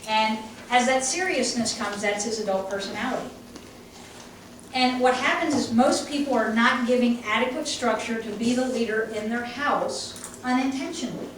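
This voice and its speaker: A woman's voice: on the high side, moderate pace. A woman dog trainer giving a conversational, emphatic lecture to a class. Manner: conversational, emphatic, acts out owners' voices. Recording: echoey room from far off, faint noise.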